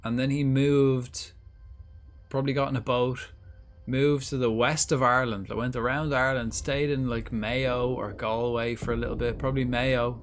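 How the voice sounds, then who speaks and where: Male game streamer, mid-pitched, loose and rambling casual chat. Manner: rambling, chatty, thinks aloud with restarts. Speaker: livestreamer playing a game. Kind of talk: casual gameplay commentary.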